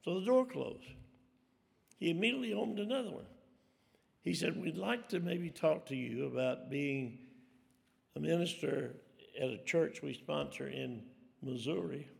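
A man's voice: on the high side, moderate pace, gravelly, pauses often. A middle-aged man, telling rambling, self-deprecating stories from the pulpit. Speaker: preacher. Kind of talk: storytelling sermon. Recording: long hall reverb.

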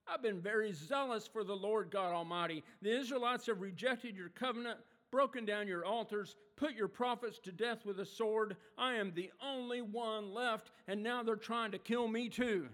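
A man's voice: sits high, moderate pace, hardly any pauses, fairly bright tone, long reverb tail, voice pushed up. A man preaching who voices a weary male prophet, indignant and exasperated as he complains to God. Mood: angry, exasperated.

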